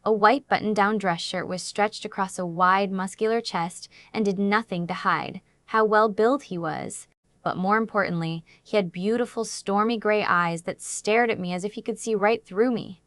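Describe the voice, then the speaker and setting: A woman narrating a dramatic first-person story in an even storytelling manner. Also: medium pitch, normal speed, no room sound. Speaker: audiobook narrator.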